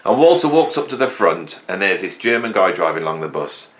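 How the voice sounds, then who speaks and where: A man's voice: sits low, sing-song, brisk, fairly bright tone. A man from England hosting a rambling comic monologue, joking and telling stories with sudden jumps in his voice. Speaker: host.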